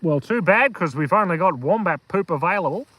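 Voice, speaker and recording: A man's voice: high voice, expressive, brisk, pushed and bright, no echo, heavily acted. A man doing a broad Australian accent as a cheeky bogan guy giving a tour.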